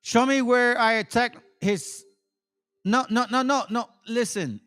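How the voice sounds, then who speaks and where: A man's voice: extremely high pitch, a little slow, fairly bright tone, smooth, soft background music. A man, a channel host, delivering an angry, profane rant full of sarcasm and repetition. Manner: heated, cursing, sarcastic, repeats himself. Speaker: channel host, insurance seller.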